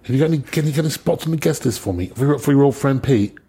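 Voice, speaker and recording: A man putting on a wheedling rock bassist. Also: very fast, warm tone, husky, natural voice. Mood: pleading. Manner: wheedling, cheeky. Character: impression of an English rock bassist, pleading and chummy.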